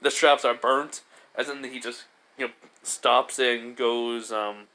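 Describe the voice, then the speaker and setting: A man narrating a fan story he makes up as he goes. His voice sits at a medium pitch, and he keeps stopping, restarting and filling gaps with "you know" and "um". The tone stays casual and loose. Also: steady tone, takes it slowly, bright, forceful tone. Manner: rambling, many fillers and restarts.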